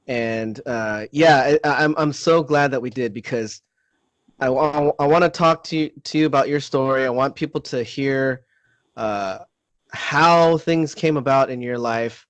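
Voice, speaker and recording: A man's voice: medium pitch, a little slow, no echo. A man hosting an online interview in a casual, friendly way, often restarting his sentences. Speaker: interview host.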